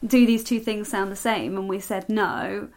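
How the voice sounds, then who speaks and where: A woman with a Southern English accent co-hosting a podcast, chatting in a lively, teasing way. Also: medium pitch, normal speed, crowd noise. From England. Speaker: podcast co-host. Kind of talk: casual chat.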